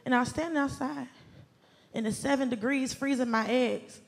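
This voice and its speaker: A woman from the doing stand-up comedy, animated and exasperated, shouting her punchlines. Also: sits high, a little fast, gravelly. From Southern US, Atlanta. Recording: club stage mic with loud crowd laughter. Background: audience laughter and ambience.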